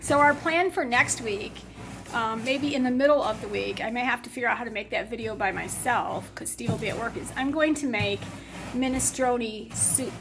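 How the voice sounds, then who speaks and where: A woman's voice: fairly high pitch, normal speed, noisy background. A middle-aged woman hosting a casual home cooking demonstration in her kitchen. She rambles chattily through asides and laughs often. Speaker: home cooking show host.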